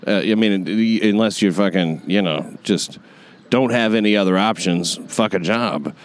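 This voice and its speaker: A man's voice: low-pitched, normal speed. A man hosting a casual interview, dropping wry, joking remarks. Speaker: host.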